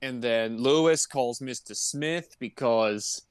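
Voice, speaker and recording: Man, podcast co-host, casual movie recap, joking, laughs a lot, clear voice, dry close sound. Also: medium pitch, slow, no room sound. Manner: laid-back, jokey, laughs often.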